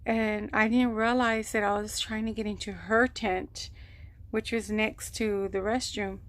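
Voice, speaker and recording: A woman telling a long personal story on her vlog, rambling and animated, acting out what people said. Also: mid-range voice, unhurried, no room sound. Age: adult, mother of a grown son. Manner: rambling, animated retelling with quoted voices. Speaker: vlogger. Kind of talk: casual storytelling.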